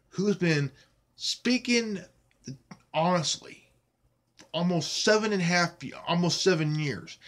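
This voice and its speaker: This YouTube host's voice sits high, and he speaks slowly with long pauses. Defiant and furious, he rants at critics in a vlog monologue, cursing nonstop and emphatically repeating the same phrases over and over.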